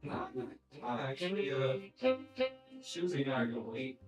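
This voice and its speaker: A man chatting casually on a livestream from his home studio, slipping into goofy bits and sudden loud outbursts. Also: mid-range voice, normal speed. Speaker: livestreaming painter. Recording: roomy echo, mic at a distance, music behind.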